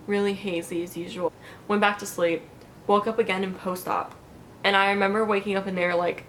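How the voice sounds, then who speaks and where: A woman's voice: mid-range voice, a bit bright, a little hiss or hum. Chatty young woman telling a story. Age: young adult. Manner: chatty, lots of "like" and quoted asides, laughing often. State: recovering from neck surgery. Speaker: vlogger. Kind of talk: casual storytelling vlog.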